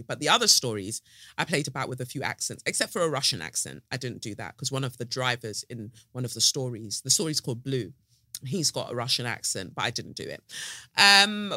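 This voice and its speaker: A woman's voice: rumbling low, sharp tone, no echo, clean studio sound. A woman hosting a podcast in a casual, playful monologue, swearing freely. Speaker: podcast host.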